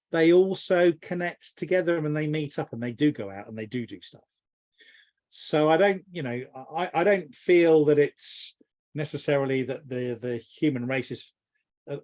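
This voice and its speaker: A man's voice: mid-range voice, a little mellow. A middle-aged man, a business mentor, giving a long, thoughtful interview answer with frequent restarts. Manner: rambling, thoughtful, many restarts. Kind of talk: reflective conversational answer.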